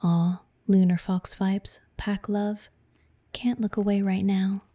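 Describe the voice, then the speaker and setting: A text-to-speech woman's voice playing a cheeky female AI fox streamer in a breathy whispered role-play. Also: medium pitch, slow. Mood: playful. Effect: synthetic text-to-speech voice. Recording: distant with steady background noise.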